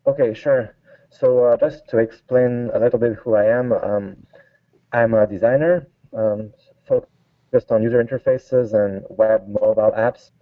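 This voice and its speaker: A man's voice: mid-range voice, fairly even intonation, a little slow, no room sound. A man from France with a French accent, a guest designer speaking with many hesitant fillers in a casual interview over a call. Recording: tinny phone-like line.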